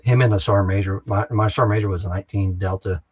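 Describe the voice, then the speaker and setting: A middle-aged man with a husky, slightly low voice tells army stories in a casual, blunt manner. He swears freely and slips into other soldiers' lines as he recounts them. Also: steady tone, fast. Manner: blunt, profane war storytelling. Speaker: army veteran guest. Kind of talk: casual storytelling.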